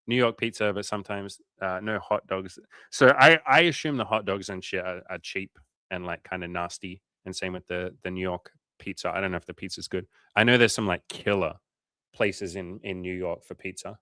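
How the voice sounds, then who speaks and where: A man's voice: low voice, fairly even intonation, moderate pace, pushed and bright, no echo, clean studio sound. An Australian man hosting a casual coaching livestream, reading viewer comments aloud in a loose, profane, filler-heavy way.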